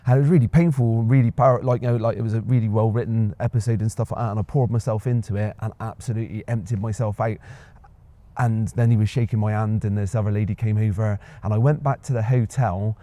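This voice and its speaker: Warm-voiced Bristolian actor, halting. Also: male voice, lowish voice, steady tone, no echo. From Bristol, England. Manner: hesitant, many fillers and restarts. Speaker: actor, interview guest. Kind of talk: reflective casual conversation.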